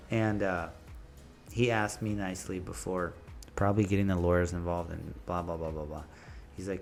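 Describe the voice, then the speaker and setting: Man, low voice, landscaping business owner, blunt animated vlog talk, faint background music. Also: normal speed, vocal fry, long pauses. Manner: blunt, animated storyteller, swears casually. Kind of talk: casual business advice vlog.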